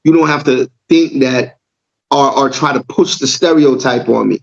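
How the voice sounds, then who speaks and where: A man's voice: a little high, measured pace, creaky, dull audio. A man from Jamaica co-hosting a casual podcast, making his points with repeated words and frequent "right?" checks. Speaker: podcast co-host.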